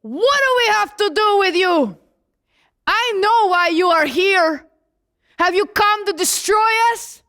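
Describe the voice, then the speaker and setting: A woman voicing a demon that possesses a man, loud and taunting. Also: extremely high pitch, animated, takes it slowly, pitched above the performer's own voice, heavily acted. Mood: taunting shout.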